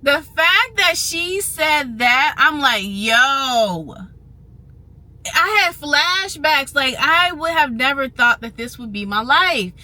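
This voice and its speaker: Bright-voiced chatty woman vlogger. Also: high voice, a little slow, hardly any pauses, no room sound. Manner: animated, chatty, repeats phrases for emphasis. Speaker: vlogger on trading and finance. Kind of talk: casual talk to camera.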